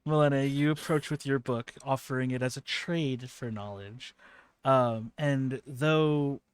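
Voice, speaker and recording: A man narrating a tabletop game as game master, in a slow, halting way. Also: medium pitch, fairly even intonation, smooth.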